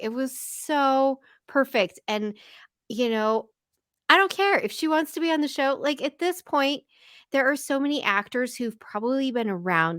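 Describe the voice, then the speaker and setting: A woman on a podcast co-host panel, chatting casually and lively, acting out little quotes. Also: a little high, clean tone, no room sound, clean studio sound. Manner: lively, acts out quotes in voices. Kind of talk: casual fan discussion.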